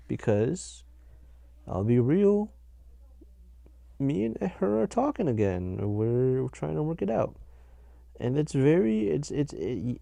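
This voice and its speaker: A man's voice: lowish voice, creaky, dark tone, no room sound, clean studio sound. A young man hosting a casual solo podcast, rambling and correcting himself as he talks. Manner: rambling, self-correcting, laughs at his own jokes. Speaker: podcast host.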